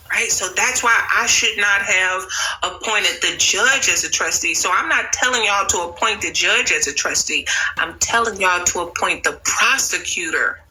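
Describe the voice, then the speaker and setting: A woman's voice: medium pitch, pushed and bright, slight background noise, rough recording. A woman hosting a livestream, telling a story in a casual, slangy way and swearing freely. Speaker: livestream host.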